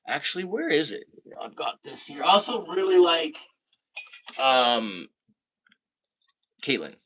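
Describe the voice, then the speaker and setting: A man from Canada chatting casually on a live stream, reading out viewer comments, laid-back and quick to laugh. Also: fairly high pitch, expressive, pushed and bright.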